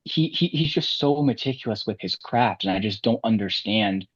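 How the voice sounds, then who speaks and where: A man's voice: lowish voice, animated, moderate pace, husky, no echo, highs cut off. A man co-hosting a casual podcast chat, rambling through his points with many restarts. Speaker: podcast co-host.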